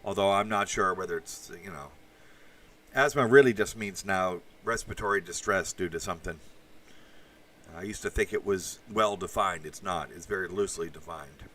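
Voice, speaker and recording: A man's voice: low-pitched, moderate pace, a bit bright, far from the mic. A man hosting a casual livestream, chatting with viewers in a rambling way and swearing now and then. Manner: rambling, with asides and crude swearing. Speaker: podcast host reading live chat.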